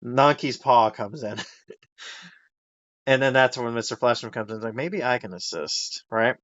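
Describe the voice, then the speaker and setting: A man's voice: mid-range voice, fairly even intonation, normal speed, a bit bright, no room sound, muffled recording. A young man hosting a casual podcast, rambling through a story recap with frequent laughs and fillers. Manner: rambling, laughs often, acts out character voices. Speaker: podcast host.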